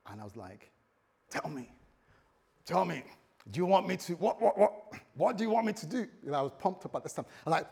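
Guy preaching to a congregation, kinda husky, a bit higher voice, acts out the story, gets hushed then loud. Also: animated, brisk. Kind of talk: sermon. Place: church hall with a congregation. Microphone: recorded for the church website.

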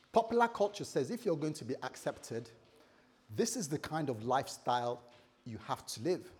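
A man preaching a sermon to a congregation, animated and telling stories with acted-out dialogue. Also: fairly high pitch. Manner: animated, acts out characters in dialogue.

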